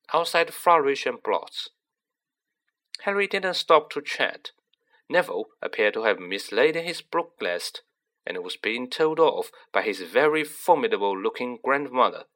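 A man narrating a story with expressive storytelling. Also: medium pitch. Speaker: audiobook narrator. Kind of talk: scripted narration.

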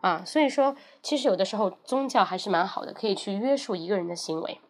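A woman's voice: mid-range voice, expressive, quick pace. Chinese woman teaching English on a livestream. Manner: switches between Chinese and English, spells words out letter by letter. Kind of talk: casual bilingual livestream chat.

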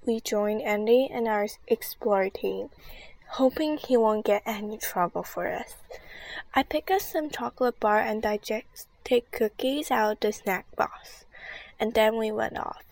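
A woman reading a first-person children's adventure story in a soft, half-whispered voice. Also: on the high side, measured pace, vocal fry, dry recording, poor audio. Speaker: story reader.

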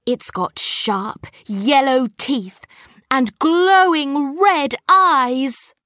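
A woman reading aloud and voicing a mischievous young boy who grumbles and yells for help. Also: high-pitched, animated, drawn-out words, dry recording, clean studio sound, pitched above the performer's own voice, full character voice. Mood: teasing. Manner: whiny, grumbling, shouts for help.

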